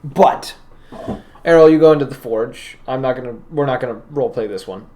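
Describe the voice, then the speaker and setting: A man's voice: medium pitch, brisk, mellow, a little hiss or hum. A man narrating and running a tabletop game as game master, describing scenes loosely and with laughs.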